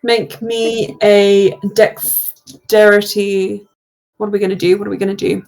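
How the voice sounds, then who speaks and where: A woman's voice: medium pitch, little pitch movement, unhurried, creaky, darkish tone. A woman narrating as game master of a tabletop role-playing session, casual and laughing often between lines.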